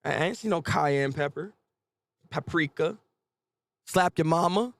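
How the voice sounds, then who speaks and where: Male streamer, live reaction commentary; high, bouncy, gravelly delivery, dry close mic. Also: measured pace, no room sound. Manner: animated, joking, repeats words when excited.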